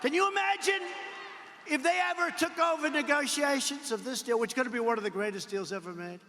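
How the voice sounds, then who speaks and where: In a large rally arena with long reverb, a man fires off a political speech at a quick pace, his very high voice sharp in tone. He keeps repeating himself emphatically and adds sarcastic asides.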